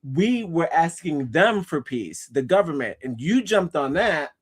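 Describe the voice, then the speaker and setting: A man co-hosting a casual podcast chat, animated and opinionated, laughing often and slipping into mocking voices. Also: a little high, unhurried, slightly rough. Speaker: podcast co-host.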